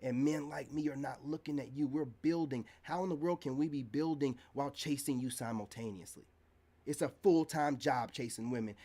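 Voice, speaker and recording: Confrontational man ranting at viewers. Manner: confrontational, lecturing with rhetorical questions; casual slangy speech, sudden swings in pitch and loudness. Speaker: online commentator.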